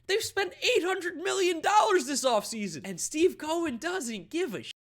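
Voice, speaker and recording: Excitable young man ranting about sports. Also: extremely high pitch, moderate pace. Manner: excitable, animated, yells in bursts. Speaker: sports vlogger. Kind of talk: excited fan commentary.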